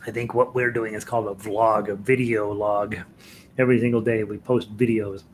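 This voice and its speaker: A man's voice: fairly low pitch, little pitch movement, moderate pace, slight background noise, low-quality recording. An American man hosting a live ukulele lesson stream, chatting casually with viewers, chuckling often and rambling with fillers and restarts. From United States.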